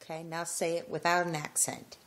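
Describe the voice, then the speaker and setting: A woman's voice: fairly low pitch, little pitch movement, fairly quick, slight background noise. A woman in a casual home video, teasingly correcting her partner's pronunciation.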